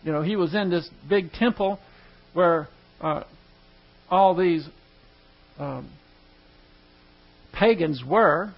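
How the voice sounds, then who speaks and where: High-voiced preacher, chatty. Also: male voice, slow, creaky, long pauses. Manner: chatty, joking asides, reads scripture aloud. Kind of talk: folksy bible teaching. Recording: dull lo-fi recording with mains hum.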